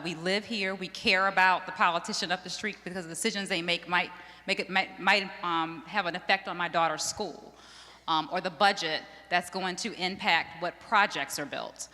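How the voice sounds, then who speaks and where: A woman's voice: on the low side, sharp tone. A woman journalist with a print background speaking earnestly and steadily on a panel. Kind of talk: panel discussion. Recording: long reverb of a large hall.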